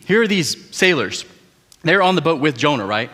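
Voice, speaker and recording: Bright-voiced young man preaching. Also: a little high, moderate pace. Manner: conversational, animated storytelling with asides to the congregation. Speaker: pastor. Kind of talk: sermon. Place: large church auditorium. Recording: hall reverb.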